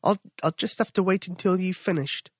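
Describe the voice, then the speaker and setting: Storyteller doing a small boy, timid and high. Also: fairly quick, slightly rough, no room sound, clean studio sound. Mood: nervous. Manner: shy stammering. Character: young boy Tom, timid but curious.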